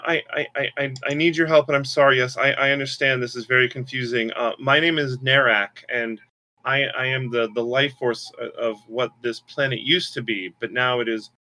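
A man's voice: medium pitch, sharp tone, natural voice. A man voicing a small, timid squirrel nature spirit that stammers and apologizes in a wispy voice.

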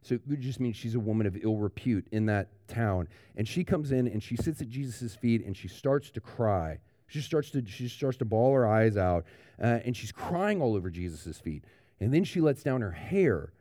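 A man's voice: mid-range voice, animated, moderate pace, mellow, dry recording, studio quality. A man preaching a sermon in a church, talking in a casual, conversational way with frequent restarts and fillers. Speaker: pastor.

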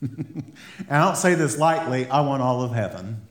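A man preaching a sermon to his congregation, animated, laughing often and repeating words as he goes. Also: medium pitch, a little slow. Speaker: pastor. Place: church hall. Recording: echoey church room.

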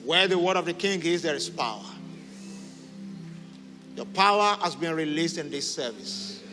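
A man pastor leading prayer and having the congregation repeat declarations after him, rising to fervent shouts. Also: a little high, expressive, normal speed. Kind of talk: sermon and prayer. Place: large church hall. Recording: echoing hall with music.

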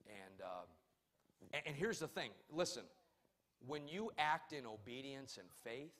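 A male pastor preaching a sermon in church. He swings between loud, emphatic calls and quiet, personal storytelling. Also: mid-range voice, lively intonation, a little slow.

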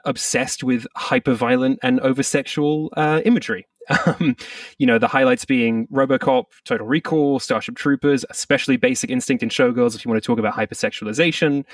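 A man's voice: medium pitch, no room sound, far from the mic. A man co-hosting a film podcast in casual, jokey chat, who swears freely. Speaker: podcast co-host.

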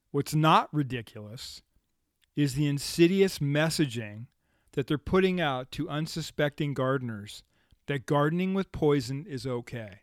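A man hosts a podcast with scripted, sardonic commentary and a pointed, indignant edge. His voice sits a bit high for a man and sounds smooth and resonant. He is heard up close on a studio mic, and the sound is very dry. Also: no room sound. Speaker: podcast host.

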